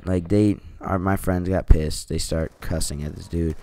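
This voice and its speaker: A man's voice: low voice, steady tone, normal speed, mellow, slight background noise. A teenage boy at home telling a story in a casual, rambling way, saying "like" a lot and swearing. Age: teens. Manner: rambling, heavy use of "like", swears. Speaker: vlogger.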